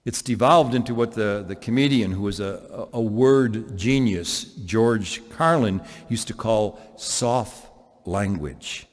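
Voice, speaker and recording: A man, a priest, giving a homily in a chapel, preaching in an animated way with frequent restarts. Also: fairly low pitch, slow pace, faint music behind. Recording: long chapel reverb.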